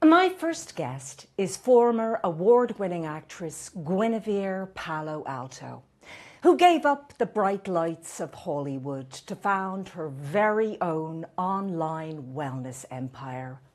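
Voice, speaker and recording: In a piece of stand-up character comedy, a woman plays a beleaguered female talk show host who sticks to formal presenter patter and stammers whenever she's caught off guard. Her voice is fairly low and darkish in tone, expressive, and slow.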